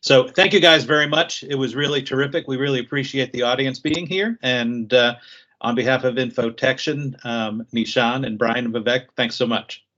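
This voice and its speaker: A man's voice: medium pitch, moderate pace, pushed and bright. Man moderating a panel over muffled video call. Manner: wrapping up, thanking guests. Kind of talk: online panel discussion.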